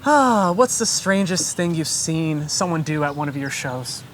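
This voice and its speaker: An interviewer asking brisk, friendly quick-fire questions in a casual chat. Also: medium pitch, lively intonation, slight background noise.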